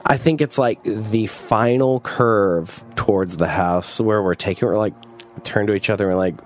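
Low-voiced man telling a rambling story. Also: moderate pace, soft background music. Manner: rambling, profane, fillers like "like", laughs often. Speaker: interview guest. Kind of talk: casual anecdotal storytelling.

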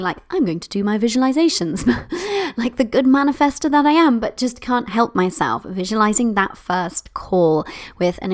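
A woman hosting a podcast as a business coach, bubbly and gushing, laughing often and calling listeners "my love". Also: medium pitch. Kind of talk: upbeat podcast monologue.

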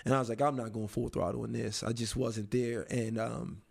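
A young adult man in an interview, telling a personal story in a reflective, halting way with many pauses and restarts. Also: mid-range voice, level tone, vocal fry, slightly rough.

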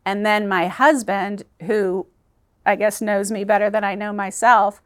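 A woman's voice: mid-range voice, fairly even intonation. Earnest woman telling a painful story. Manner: earnest and emotional, halting at times. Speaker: interview guest. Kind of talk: emotional personal storytelling in an interview.

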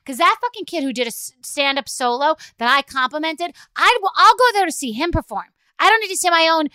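A woman's voice: high voice, pushed and bright, no echo. A middle-aged woman hosting a podcast, telling a rambling, profane, exasperated story full of "like"s. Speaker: podcast host. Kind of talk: solo comedic rant.

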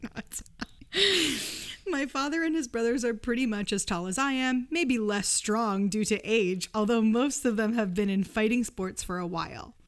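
A woman's voice: a little high, moderate pace, hardly any pauses. A woman co-hosting a podcast, reading a listener's story aloud with casual, giggly asides. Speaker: podcast co-host.

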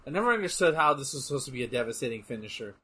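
Animated, husky young man. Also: medium pitch, racing. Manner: animated, joking, bursts into shouts. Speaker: co-host playing a wrestling game. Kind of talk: casual chat over gameplay.

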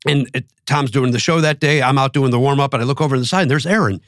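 A male comedian guest telling quick, self-mocking stories on a podcast. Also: medium pitch, a bit bright, no echo, clean studio sound. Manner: quick, self-mocking, bursts into put-on voices. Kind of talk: animated storytelling on a podcast.

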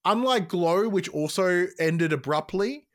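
Podcast host: man, higher register, excitable and animated, swears freely, frequent restarts. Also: measured pace. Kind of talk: casual podcast chat.

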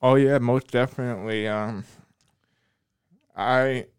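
A deaf man talking casually on a podcast, halting and often repeating his words. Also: mid-range voice, steady tone, clear, resonant tone. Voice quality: speech of a deaf speaker. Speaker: podcast regular.

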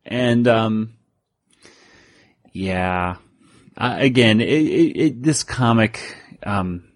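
A man's voice: on the low side, very slow, no echo, studio quality. A man co-hosting a podcast, recapping a comic in a rambling, self-interrupting way with frequent laughs. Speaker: podcast co-host. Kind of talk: casual chat.

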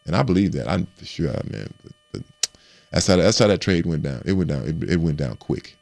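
Male guest, very low and rough-edged voice, chatty storyteller with lots of restarts, dry close sound. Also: a little fast, no room sound. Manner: animated storyteller who repeats and restarts words and acts out quotes. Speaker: guest recounting his playing career. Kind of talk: casual storytelling interview.

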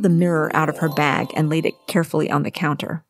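A woman reading her own story aloud in an expressive storybook narration. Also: sits low, quick pace. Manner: expressive, varies voices for characters.

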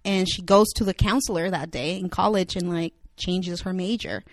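A young woman with a Spanish accent, an actress and writer appearing as an interview guest, speaks candidly and casually with lots of filler words. Her voice is fairly low, her intonation fairly even, and her pace moderate, in clean studio sound with no echo.

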